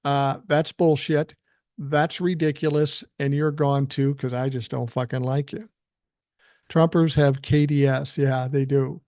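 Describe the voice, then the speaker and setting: A man's voice: medium pitch, steady tone, a little slow, darkish tone, no room sound, clean studio sound. An older man hosting a live stream from his living room, ranting bluntly with plenty of profanity. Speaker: podcast host doing a live stream. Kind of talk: casual live-stream rant.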